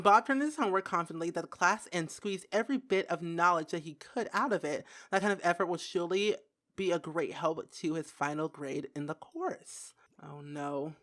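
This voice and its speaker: A young woman giving casual gameplay commentary who giggles, gets excited and says "like" a lot. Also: lowish voice. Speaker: gaming video creator.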